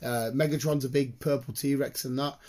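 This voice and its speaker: A man, hosting a casual chat, excitable and sweary, breaking into laughter. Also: medium pitch, normal speed.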